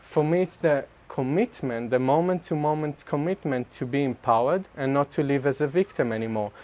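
A man giving a personal spiritual talk to a group, animated and self-mocking, often laughing mid-sentence. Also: on the high side, moderate pace, dull audio. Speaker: speaker sharing at a group retreat.

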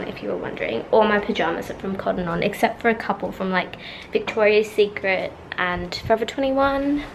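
In her bedroom at home, a young woman vlogs to camera in a chatty, gushing way and talks baby talk to her pets. Her voice sits at medium pitch with vocal fry, over slight background noise.

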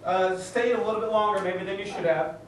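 A woman coaching a cast through a rehearsal, brisk and instructive, with a steady, encouraging push. Her voice carries through a strongly echoing hall and is caught from far across the room, with faint background noise. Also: medium pitch. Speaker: play director.

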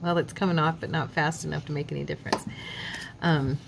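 A chatty woman with a drawl talks through a craft project at home, mixing in little prayers and laughing at her own mishaps. Her voice sits fairly low. There is a faint hiss behind her. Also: little pitch movement, a little fast, gravelly. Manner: chatty, faith-filled asides, laughs at herself. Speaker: craft channel host. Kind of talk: casual crafting tutorial chat.

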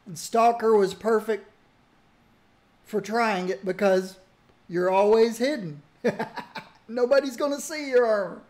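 A man casually reminiscing about old games while he plays, musing aloud in a relaxed way. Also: high-pitched, unhurried, pauses often. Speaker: gaming streamer. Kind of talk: casual commentary while playing.

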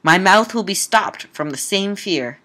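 A woman's voice: medium pitch, animated, a little slow, sharp tone. Woman reading as a fearful old manservant. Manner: timid, mournful replies. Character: fearful old male servant in a Gothic tale.

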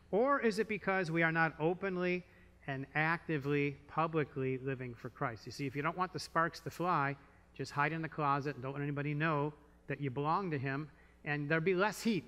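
A man's voice: a little high, sharp tone. A man preaching a sermon as pastor, conversational and full of rhetorical questions, in a church. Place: church sanctuary. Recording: long church hall reverb.

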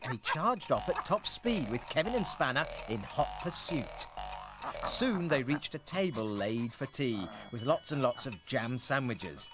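A man narrating a children's story in an expressive, storytelling manner. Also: mid-range voice, measured pace, background noise.

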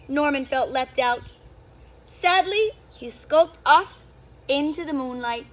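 A woman who is a children's storyteller, reading a picture book aloud to young children in an animated teacher's voice that keeps asking them questions. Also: high voice, slow pace. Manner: animated, sing-song teacher talk with questions to the kids.

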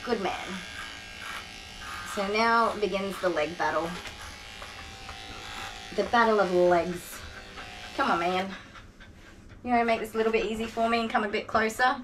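A woman's voice: medium pitch, a little slow, long pauses, a bit bright, slight background noise, low-quality recording. A tired woman, a dog groomer chatting casually to the camera on a tripod while soothing a dog. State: tired, sore back. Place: grooming room. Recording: clippers buzzing behind.

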